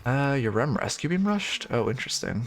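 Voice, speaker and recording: A man's voice: medium pitch, sing-song, fairly quick, gravelly. A young man giving casual live-stream coaching commentary on a video game, frank and blunt, swearing now and then and restarting his sentences.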